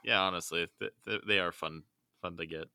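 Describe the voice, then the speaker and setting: A man's voice: low voice, steady tone, a little fast, creaky, sharp tone, clear, resonant tone, no room sound, clean studio sound. A man co-hosting a podcast in casual chat, hesitant and stammering, laughing often. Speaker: podcast co-host.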